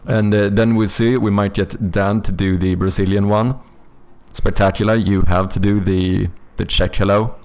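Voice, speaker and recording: A man's voice: lowish voice, flat delivery, normal speed, a little mellow, clear, resonant tone. A young man, chatting casually with viewers while making a game on stream, rambling and joking with casual swearing.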